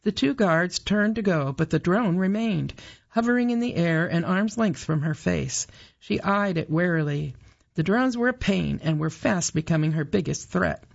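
A woman narrating an audiobook in a measured, even storytelling manner. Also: lowish voice, gravelly, lo-fi sound. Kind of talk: scripted narration.

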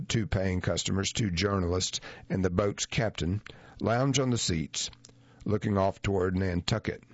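A man reading a nonfiction article aloud as scripted narration, in a measured, even manner. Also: low-pitched, dry recording. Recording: dull lo-fi dry recording.

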